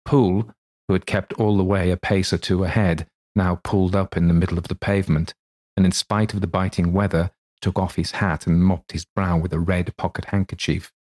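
A man narrating a classic story for a podcast in a measured, even way. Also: deep voice.

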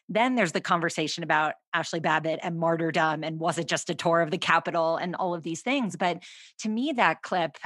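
Female strategist guest, lower pitch, dry mic, casual delivery. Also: fairly bright tone, no echo. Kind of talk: casual political discussion.

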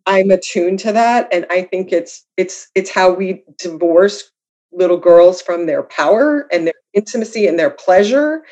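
A woman's voice: lowish voice, mellow. Earnest woman telling her story, slightly muffled. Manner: earnest, reflective, quick asides with self-deprecating humor. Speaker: guest author. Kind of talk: candid conversational storytelling. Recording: slightly dull lo-fi audio.

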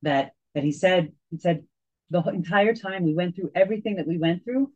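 A woman telling a story to a group, halting and full of fillers and restarts, as a tour guide. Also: lowish voice, darkish tone. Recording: dull lo-fi recording.

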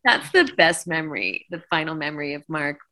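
A middle-aged woman, a singer being interviewed, recounting events in a lively, emotional way and acting out quoted dialogue. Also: low voice, brisk, a crowd in the background. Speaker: guest singer. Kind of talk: conversational interview storytelling.

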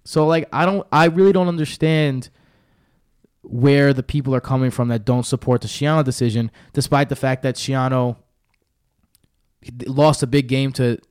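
A man's voice: medium pitch, moderate pace, a little mellow, clean tone. New york guy on a sports podcast, blunt, says what he thinks. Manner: blunt, opinionated, speaks his mind. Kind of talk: casual sports talk.

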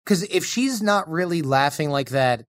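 A man's voice: on the high side, lively intonation, moderate pace, dry recording, clean studio sound. A man hosting a podcast, asking thoughtful questions and giving brief, attentive replies. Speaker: podcast host. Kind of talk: interviewer in a podcast chat.

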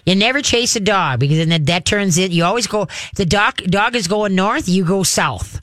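A man hosting a call-in pet advice radio show, explaining with animated, playful delivery. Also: normal speed, no room sound, clean studio sound. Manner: animated, acts out high playful dog-calling voices.

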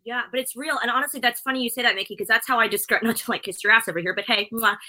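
Quick bubbly woman, bright and chatty. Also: fairly high pitch, poor audio. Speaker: guest, presenter. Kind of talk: casual interview chat.

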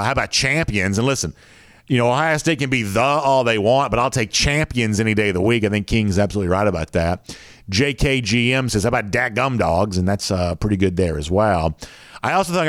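A man's voice: medium pitch, a bit bright, dry recording, clean studio sound. A man with a Southern American drawl hosting a sports talk show, chatting casually with many fillers.

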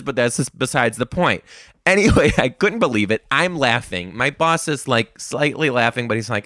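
Sassy young guy ranting through teacher stories, pitch all over the place, bright tone, dry mic. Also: moderate pace, no echo. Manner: sassy, animated, rants in high-pitched outbursts. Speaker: former teacher telling classroom stories. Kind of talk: comedic storytelling monologue.

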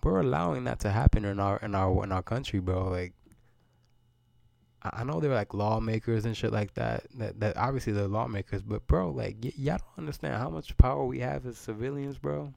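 A man's voice: medium pitch, a little fast, gravelly, darkish tone, no echo. A man, hosting a solo podcast and ranting in a loose, profane, rambling way, often repeating words as he goes. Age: 30s. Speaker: podcast host.

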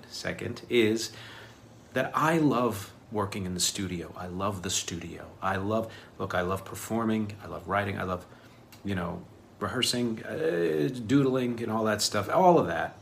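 Guy with a low gravelly voice rambling about music on his podcast, lots of ums, faint hiss behind. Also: animated, moderate pace, fairly bright tone. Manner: rambling, self-deprecating, filler-heavy. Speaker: podcast host. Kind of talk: casual video podcast talk.

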